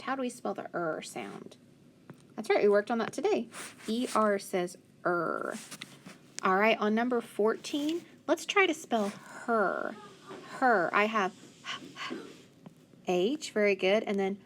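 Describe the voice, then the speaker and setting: Woman teacher doing a phonics lesson for kids, slow and careful sounding out, bit of faint hiss behind. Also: medium pitch. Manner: slow, clear sounding out of letters.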